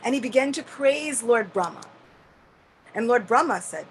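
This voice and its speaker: A woman calmly narrating a devotional story at a temple program. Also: on the high side, moderate pace, pauses often, slightly rough.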